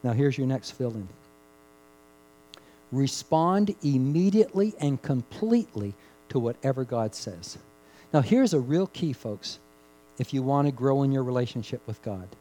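A man preaching a sermon, rising to loud emphatic peaks and dropping to hushed, drawn-out phrases, repeating key words for emphasis. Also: medium pitch, expressive, poor audio. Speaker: pastor.

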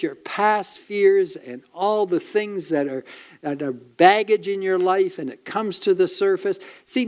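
A male pastor preaching with earnest emphasis. His voice sits a little high for a man, and he leans on dramatic pauses to drive his points home. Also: darkish tone, clean tone. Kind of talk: sermon.

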